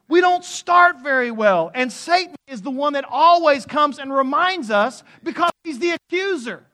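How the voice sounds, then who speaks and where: A man preaching a sermon as pastor, moving from quiet talk to loud, rising preaching. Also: very high-pitched, animated, moderate pace, few pauses.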